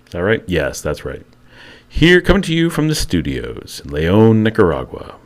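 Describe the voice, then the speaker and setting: A man putting on the voice of a mellow late-night radio DJ, slow and mumbly, talking into a handheld lavalier mic. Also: low-pitched, wildly swooping pitch.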